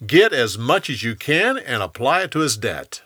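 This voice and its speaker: A man voicing a stern yet generous king who gives loud, commanding orders. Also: medium pitch, big pitch swings, moderate pace, dry recording, clean studio sound.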